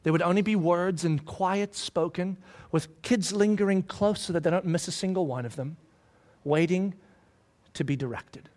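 High-voiced emphatic male preacher. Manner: emphatic, builds in rising waves then drops quiet and slow. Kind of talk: sermon.

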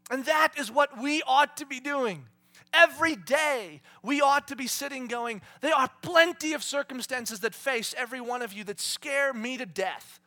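A man preaching a sermon dramatically, swinging from hushed whispers to shouted exclamations and acting out the people in his stories. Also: very high voice, normal speed. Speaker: pastor.

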